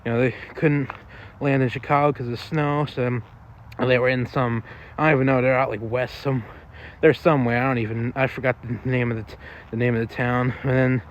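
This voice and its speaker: A man's voice: mid-range voice, dull audio, a little hiss or hum. A man rambling through a casual, off-the-cuff movie review, full of fillers and loose swearing.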